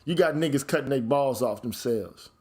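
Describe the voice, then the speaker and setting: A man with a medium-pitched voice runs his own channel, offering casual commentary at a normal speed. His talk is blunt and full of swearing, and at times it escalates into yelling rants.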